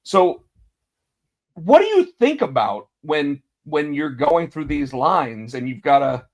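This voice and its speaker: Eager male entertainment interviewer, stumbling, rambling, as a podcaster puts him on, a little higher. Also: very animated, slow pace, full character voice. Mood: fawning.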